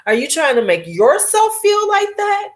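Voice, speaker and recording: A woman talks casually to her viewers. She is blunt and animated, and she pokes fun at herself as she goes. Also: very high-pitched, normal speed. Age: 40s. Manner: blunt, animated, profane, self-mocking. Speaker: beauty vlogger. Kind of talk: casual chat.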